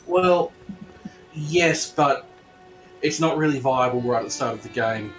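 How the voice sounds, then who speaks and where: A man co-hosting a let's play, calmly explaining game mechanics with frequent hesitant fillers. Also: medium pitch, a little slow, soft background music, low-quality recording. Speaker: co-host player. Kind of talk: casual gameplay chat.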